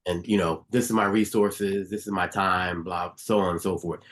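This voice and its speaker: Deep-voiced man hosting a podcast. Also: little pitch movement, moderate pace. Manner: loose, conversational questions with fillers. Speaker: podcast co-host. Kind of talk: interview questions.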